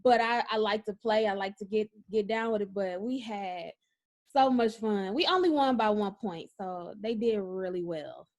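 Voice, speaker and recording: A woman co-hosting a casual podcast, telling stories in an animated way and often laughing. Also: mid-range voice, normal speed. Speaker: podcast co-host. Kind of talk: casual chat.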